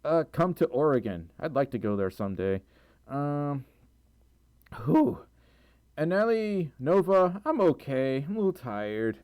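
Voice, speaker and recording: A young man is livestreaming, reading donations and chat messages aloud in a rambling way. His voice is on the high side, very animated and darkish, at a measured pace with no echo. He sounds tired and sore-throated, coughs repeatedly, uses lots of fillers and stumbles over the reading.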